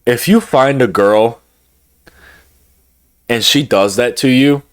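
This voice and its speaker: A man's voice: mid-range voice, slow pace. A young man speaking emotionally to his vlog audience, repeating himself, heated at times and close to tears at others. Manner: emotional, repetitive, swings between heated and subdued. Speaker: YouTuber.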